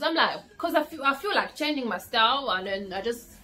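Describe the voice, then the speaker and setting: Young woman with a bright, slightly high voice, telling an animated personal story in a casual vlog. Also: brisk. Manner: animated storytelling, acting out quoted dialogue; frequent fillers and restarts, swinging from loud to hushed. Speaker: vlogger.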